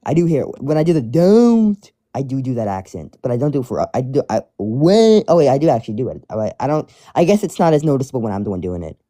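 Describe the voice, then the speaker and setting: A man's voice: mid-range voice, big pitch swings, fast talker, few pauses, mellow, dry recording, studio quality. A man chatting casually while reading fan mail aloud, rambling and restarting his sentences. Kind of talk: casual chat.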